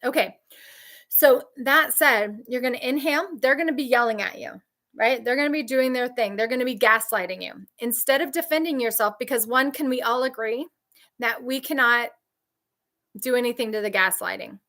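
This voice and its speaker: A woman's voice: moderate pace, fairly bright tone. A woman coaching trauma survivors in a candid, emphatic talk, repeating key phrases and answering viewers. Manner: mimics others' voices in high shrill outbursts.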